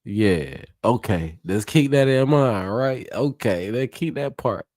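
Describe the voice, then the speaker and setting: A hyped, chatty man running a live reaction stream, his voice sitting fairly low. He laughs often and swears freely as he talks to his viewers. The sound is dry and close, with no room echo. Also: expressive, slow, a little mellow. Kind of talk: casual live reaction commentary.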